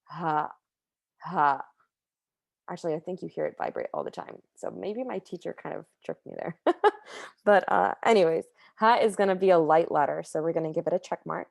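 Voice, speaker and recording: Low-voiced woman teaching letter sounds. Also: fast talker, vocal fry, no room sound, clean studio sound. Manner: relaxed, chatty, self-correcting with fillers. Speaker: Quran recitation teacher. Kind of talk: casual tutorial.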